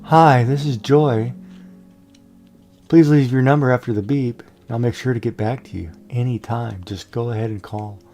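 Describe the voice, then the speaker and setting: Man putting on a sweet woman's voicemail greeting; slow, sugary, polite. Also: medium pitch, dark tone, faint music behind, natural voice.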